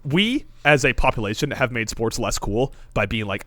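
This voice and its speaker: A man's voice: medium pitch, expressive, moderate pace, pushed and bright, no room sound. A man co-hosting a sports podcast in casual chat, wry and riffing, with casual swearing. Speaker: podcast co-host.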